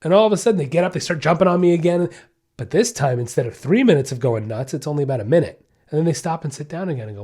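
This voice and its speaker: Dog trainer guy on his podcast, warm mellow voice, a bit high, hammers the same point over and over. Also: animated, fast talker, breathy edge. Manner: emphatic, repeats key points, asks "you see what I'm saying?"; acts out the dog's thoughts in quoted asides. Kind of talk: casual explanatory podcast talk.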